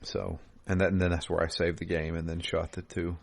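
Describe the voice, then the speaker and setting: A man co-hosting a casual gaming podcast over a remote call, relaxed and quick to chuckle, often restarting his sentences. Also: low-pitched, vocal fry, a little hiss or hum. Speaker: podcast co-host. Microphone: remote call mic.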